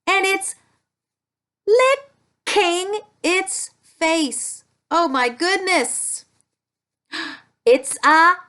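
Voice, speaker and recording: A woman speech-language pathologist uses toys to teach young children a speech sound, speaking slowly and stretching out her sounds. Her voice is very high, bright, and forceful.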